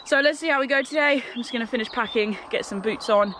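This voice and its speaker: A woman's voice: a little high, fast, noisy background. Chatty woman hiking outdoors. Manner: chatty, upbeat, rambling with fillers. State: groggy, tired. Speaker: hiking vlogger. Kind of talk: casual vlog to camera. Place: outdoors on a mountain roadside and trail. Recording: music playing underneath.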